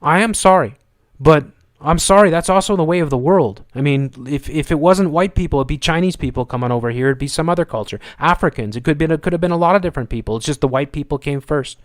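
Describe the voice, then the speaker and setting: A man's voice: fairly high pitch, quick pace, no room sound, clean studio sound. A man hosting a live show, ranting in a heated, argumentative way and swearing as he repeats his points. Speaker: host of a live commentary show. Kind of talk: heated political rant.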